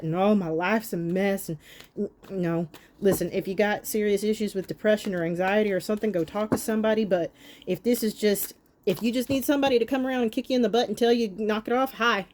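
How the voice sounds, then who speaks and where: A woman with a mid-range, darkish voice gives a tarot reading straight to the camera. She scolds her listeners bluntly, swears freely, and hammers her points home with short repeated lines.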